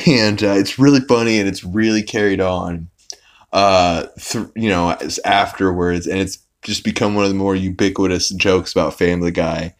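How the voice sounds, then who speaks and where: A man's voice: sits low, fairly even intonation, moderate pace. A young man hosting a podcast, recapping an episode in a rambling, casual way with lots of fillers and restarts. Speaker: podcast host.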